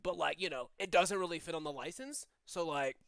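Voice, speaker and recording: A man's voice: a little high, brisk, gravelly, fairly bright tone, no echo, studio quality. A man voicing a laid-back, chummy male devil who talks in a casual, slangy surfer-bro drawl. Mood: chill.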